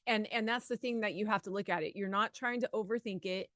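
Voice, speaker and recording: A woman co-hosting a live exam study lesson, chatty and quick to laugh, thinking aloud through answers. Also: medium pitch, fairly bright tone, dry recording, studio quality. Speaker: exam prep co-host.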